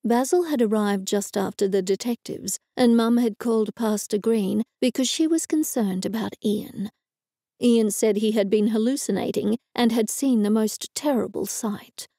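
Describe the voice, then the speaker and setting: A woman with an Australian accent giving a measured audiobook narration. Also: fairly high pitch, warm tone, dry recording, clean studio sound. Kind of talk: scripted narration.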